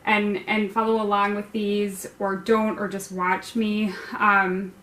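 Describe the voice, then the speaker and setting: A woman hosting a painting tutorial, chatting warmly and rambling with plenty of ums. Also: medium pitch, level tone, slow, roomy sound. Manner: bubbly, rambling with many ums. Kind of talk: casual chat to viewers.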